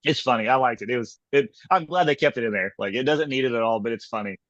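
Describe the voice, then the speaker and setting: A man co-hosting a podcast in casual chat, retelling scenes in a rambling, animated way with lots of "like"s. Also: mid-range voice, quick pace, no room sound. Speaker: podcast co-host. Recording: dull lo-fi sound.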